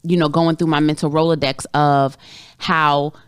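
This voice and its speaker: A woman therapist co-hosting a podcast, explaining things in a measured, reflective way. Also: sits low, flat delivery, clean tone, no echo, clean studio sound. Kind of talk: casual podcast conversation.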